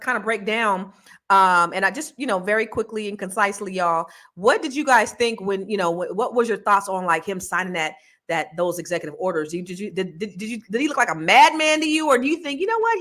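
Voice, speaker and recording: A woman's voice: mid-range voice, a bit bright. A woman moderating a panel discussion, talking loosely and slangily with lots of restarts.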